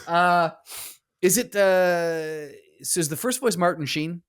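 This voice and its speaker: A man's voice: high-pitched, takes it slowly, clear, resonant tone. A man co-hosting a casual podcast, guessing playfully with lots of hesitation and casual swearing. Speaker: podcast co-host.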